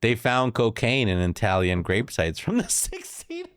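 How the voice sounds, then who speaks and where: A man's voice: mid-range voice, huge pitch swings, a little slow, fairly bright tone, clear, resonant tone, dry recording, clean studio sound. A young man streaming live, chatting casually with a jokey, slangy banter style. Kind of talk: casual stream chat reacting to chat.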